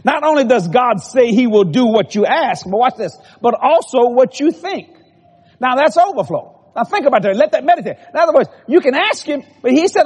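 A man's voice: extremely high pitch, animated, a little fast, a little mellow, breathy edge. A male preacher giving a sermon, stacking repeated phrases and calling out questions to the congregation. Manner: repetitive building cadence, calls out to the congregation. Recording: long hall reverb.

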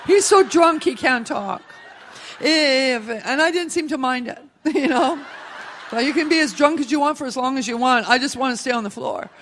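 A woman preaching a sermon, telling a personal testimony with lively, emotional storytelling. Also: sits high, brisk, a little hiss or hum. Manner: animated storytelling, laughing and emotional.

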